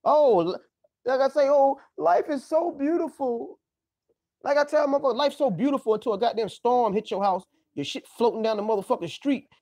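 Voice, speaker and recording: A man's voice: very high voice, fast talker, darkish tone, dry recording, clean studio sound. A man hosting a livestream, rambling loosely through a profane casual monologue, exclaiming often and breaking into laughs. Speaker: livestream host.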